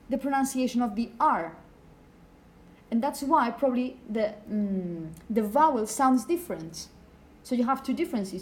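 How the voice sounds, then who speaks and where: Woman lecturing a class. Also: on the high side. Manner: explanatory, checks in with "okay?" often.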